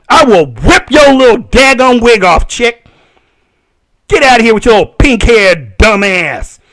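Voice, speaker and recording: A man hosting a solo podcast, ranting in an animated way and laughing often. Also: high-pitched. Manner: animated and laughing, acts out voices. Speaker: podcast host.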